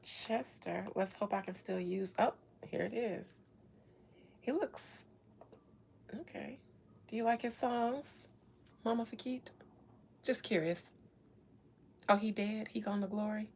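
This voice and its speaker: A woman's voice: medium pitch, a little slow, gravelly, long pauses, slight background noise. A woman doing a spiritual reading, chatting casually with viewers, playful and slangy with laughing asides. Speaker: spiritual reader talking to viewers. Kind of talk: casual livestream chat.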